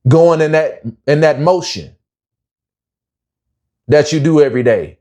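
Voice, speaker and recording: Preachy slangy man with a fairly high voice. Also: a little slow, dark tone. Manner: preachy, slangy, lecturing, says "bruh" often. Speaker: commentary vlogger. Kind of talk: opinionated commentary monologue.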